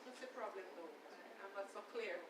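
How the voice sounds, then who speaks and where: A woman's voice: medium pitch, a little fast, a bit bright, a little hiss or hum, rough recording. A woman, an appeal court judge pressing counsel with precise questions in court.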